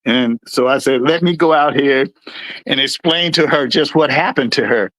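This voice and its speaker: At a moderate pace and with no room sound, a middle-aged American man recounts service stories on his livestream. He performs the characters as he goes, lifting his voice higher for their lines in an animated, storytelling chat.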